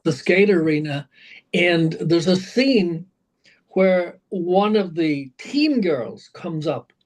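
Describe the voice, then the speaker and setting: An older man, a rock singer being interviewed, telling animated stories, acting out quotes, swearing and laughing. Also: high voice, slow pace, rough recording. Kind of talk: storytelling interview.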